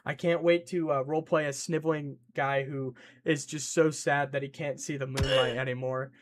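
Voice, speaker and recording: A man chatting casually on a stream in an excitable, rambling way, reacting to chat and scolding his pet. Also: mid-range voice, normal speed, slight background noise.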